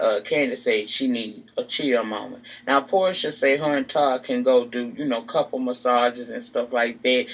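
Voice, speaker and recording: A man giving a casual, gossipy, profane recap of a reality show, now and then acting out what the cast said. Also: medium pitch. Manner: sassy, profane, gossipy storytelling; acts out quotes of the people he recaps. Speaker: TV recap vlogger.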